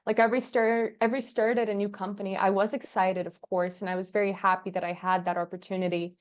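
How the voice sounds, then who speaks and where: A young woman, a podcast guest, chatting casually and telling lively stories, acting out the dialogue and laughing often. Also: mid-range voice, fast. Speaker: podcast guest, agency founder. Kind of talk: casual interview chat.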